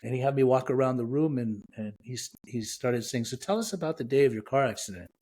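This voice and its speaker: A middle-aged man from Iran speaks as a guest on a podcast and tells a personal story. He voices the dialogue of the people in it and lets real emotion into the retelling. His pitch sits in an ordinary middle range. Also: fast, warm tone.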